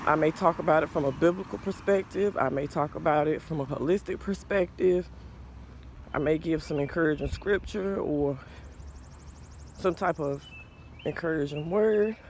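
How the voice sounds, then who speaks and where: A man in his forties hosting a podcast, talking slowly and earnestly about faith and mental health, a little out of breath. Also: a little high, slight background noise. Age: 40s. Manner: slow, thoughtful, earnest, with pauses and restarts. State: slightly out of breath. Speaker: podcast host. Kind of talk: reflective faith-based mental health talk.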